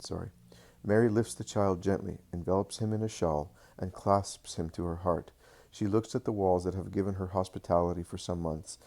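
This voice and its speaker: A man giving a slow, earnest scripted narration of a devotional text, with the occasional small slip. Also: low voice, warm tone.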